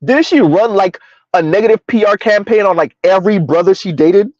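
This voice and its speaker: A man's voice: high-pitched, lively intonation, fairly quick, darkish tone, no room sound. A man hosting a casual live-stream, laughing often as he reads viewer comments aloud and reacts to them. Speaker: commentary channel host. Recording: dull lo-fi dry sound.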